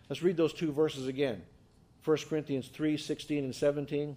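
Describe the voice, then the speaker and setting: A male pastor delivers a sermon with a slightly high-pitched voice. He talks emphatically, repeating words and restarting phrases, and keeps putting rhetorical questions to his listeners. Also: moderate pace, darkish tone.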